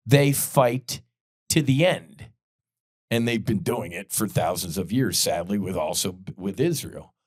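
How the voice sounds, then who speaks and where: A man's voice: lowish voice, lively intonation, unhurried, husky, dry recording, clean studio sound. A man hosting a podcast, delivering blunt, heated political commentary full of profanity. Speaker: podcast host.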